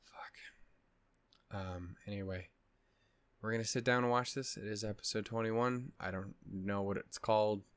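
A man's voice: fairly low pitch, fairly even intonation, a little fast, hardly any pauses, clean tone, no room sound. A man hosting an anime reaction video, tired and upset, rambling and swearing with lots of restarts. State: tired, yawning. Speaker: anime reaction channel host. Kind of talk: casual reaction vlog chat.

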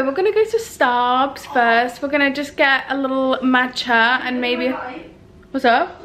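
A woman in her twenties chatting casually for her vlog in her student flat, full of "like" fillers, her throat a little rough from a cold. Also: sits high, moderate pace, slight background noise. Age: 20s. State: slightly ill, throat rough. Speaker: vlogger.

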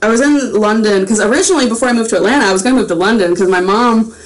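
A woman's voice: a little high, rapid-fire, low-quality recording. A young woman chatting casually on a livestream while signing autographs, rambling and self-aware.

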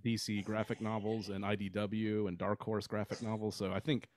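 A man co-hosting a comic book podcast, chatting casually and slipping in deadpan jokes. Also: lowish voice, normal speed, dry recording. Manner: joking, laid-back banter. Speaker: podcast co-host. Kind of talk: casual chat.

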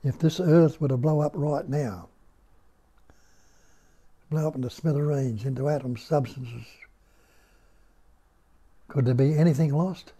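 An older man with an Australian accent, giving a slow, musing spiritual talk at home and putting rhetorical questions to his listeners. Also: a little high, dark tone, breathy edge. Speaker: spiritual teacher. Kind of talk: unhurried nondual teaching talk. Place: indoor room at home.

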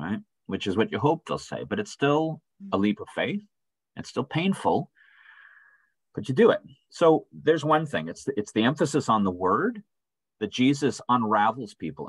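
A man's voice: medium pitch, breathy edge, no room sound, poor audio. A man leading a church Bible study in a conversational way, often asking "right?" and acting out quoted voices. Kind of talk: informal Bible study teaching. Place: church room.

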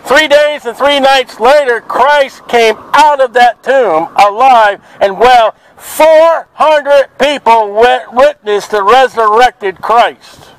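A man's voice: very high-pitched, low-quality recording. A man preaching fervently outdoors at a market, quoting scripture in an open-air sermon. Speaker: street preacher.

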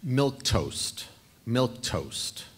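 A man's voice: mid-range voice, sing-song, drawn-out words, a bit bright, husky, faint music behind. A man serving as a spelling bee pronouncer, carefully enunciating each word and reading definitions and origins. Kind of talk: formal word pronunciation and definitions.

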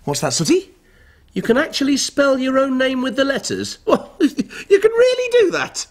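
A man presenting a children's puppet show, lively and playfully exasperated, often laughing as he scolds the puppets. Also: very high voice, moderate pace. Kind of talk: lively scripted banter with puppets.

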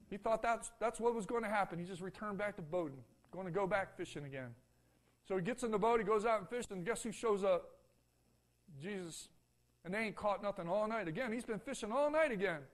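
A man preaching a sermon in a church, folksy and repetitive, swinging between loud calls and soft, hushed lines and asking for an "Amen". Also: sits high. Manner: folksy, repeats phrases, asks the congregation "Amen?". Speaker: pastor.

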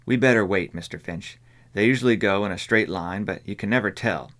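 A man doing a calm sheriff. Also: on the low side, fairly quick, lightly acted. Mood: cautious. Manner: steady, cautious. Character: calm middle-aged male sheriff.

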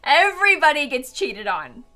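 A woman's voice: high voice, very animated, normal speed, sharp tone, faint music behind. Bubbly, giggly young woman streamer. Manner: giggly, chatty, thanks viewers often. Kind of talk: live game stream chat. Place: home streaming setup. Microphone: headset.

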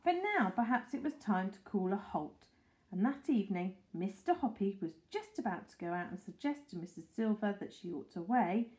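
A woman reading a children's story aloud with expressive, animated storytelling. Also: medium pitch, moderate pace, low-quality recording. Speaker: storybook reader.

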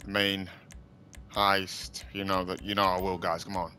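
A man's voice: low voice, flat delivery, measured pace, sharp tone. A man giving hyper, crude, joking commentary while he plays a video game. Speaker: gaming YouTuber. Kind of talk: casual gameplay commentary. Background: game music.

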